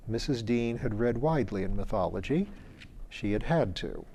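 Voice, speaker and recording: A man reading a fantasy story aloud in a measured, dryly wry narration. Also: mid-range voice, expressive, dark tone, slight background noise. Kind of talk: audiobook narration.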